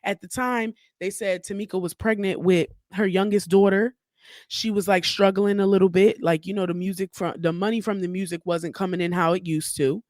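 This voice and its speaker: A woman's voice: medium pitch, steady tone, a little fast, darkish tone, no room sound, studio quality. A woman hosting a podcast alone, giving blunt, heated and profane commentary with many asides. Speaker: podcast host. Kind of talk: solo opinion commentary.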